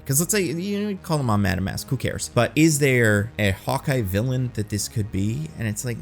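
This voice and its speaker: A man's voice: mid-range voice, lively intonation, moderate pace, gravelly, hardly any pauses, soft background music. A man hosting a casual fan-theory commentary, chatty and rambling, saying "like" often. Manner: chatty and rambling, heavy use of "like". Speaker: host of a movie and TV commentary channel.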